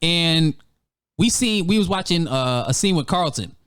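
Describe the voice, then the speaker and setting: A man's voice: a little high, animated, measured pace, fairly bright tone, smooth, no room sound, studio quality. A man hosting a gaming channel, telling a casual, profane story over gameplay and laughing often.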